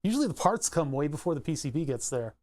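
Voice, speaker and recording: Philly guy rambling on his stream, chatty, kinda high voice. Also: sing-song, quick pace, darkish tone. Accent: Philadelphia. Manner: rambling, chatty, laughs easily. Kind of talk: casual livestream chat.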